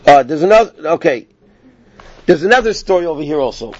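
A man's voice: fairly high pitch, lively intonation, brisk, darkish tone, a little hiss or hum. A man teaching a class through casual, rambling stories, often breaking off mid-sentence. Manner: casual, rambling, self-interrupting. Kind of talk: informal storytelling lesson. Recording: dull lo-fi dry recording.

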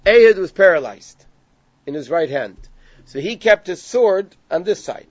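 A man teaching a Gemara lesson, telling the story and translating Hebrew phrases line by line in an animated way. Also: high voice, measured pace, dry recording, dull audio. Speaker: Torah teacher.

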